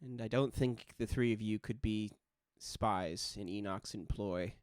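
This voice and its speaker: A man's voice: lowish voice, a little slow, a little mellow, clean tone, no echo, studio quality, voice pushed down, natural voice. A man voicing a curt, guarded woman in a tabletop role-play game, with a brusque, dismissive manner. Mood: grudging.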